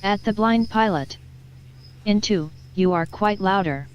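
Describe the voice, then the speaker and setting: Man doing a squeaky high voice, playful chat reader, mock-excited, muffled sound. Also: measured pace, slight background noise. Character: squeaky high-pitched voice reading viewers' chat messages.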